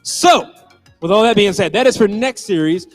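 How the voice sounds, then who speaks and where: A man's voice: high voice, animated, normal speed, soft background music, rough recording. A man hosting an online youth church service, playful and upbeat, leading a group Bible reading. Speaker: youth pastor host. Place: church stage.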